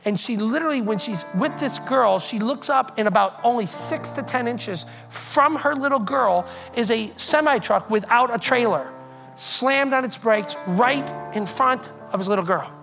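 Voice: mid-range voice, lively intonation, moderate pace, gravelly, rough recording. Earnest preacher telling a story over music. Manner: earnest storytelling, repeats and restarts words. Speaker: pastor. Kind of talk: sermon.

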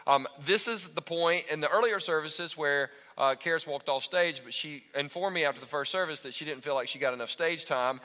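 A man in his thirties preaching a sermon to his congregation on a church stage, animated and talking straight to the crowd. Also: a little high, a little fast, few pauses. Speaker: pastor. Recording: echoey hall with long reverb.

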